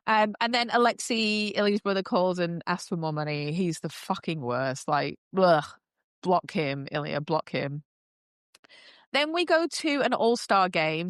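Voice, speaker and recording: A woman's voice: on the low side, fairly bright tone, clear, resonant tone, dry recording, clean studio sound. A woman hosting a podcast, recapping a TV series in casual, chatty talk full of "um" and "like", gushing about what she loves. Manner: chatty and gushing, heavy use of "um" and "like". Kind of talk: casual chat.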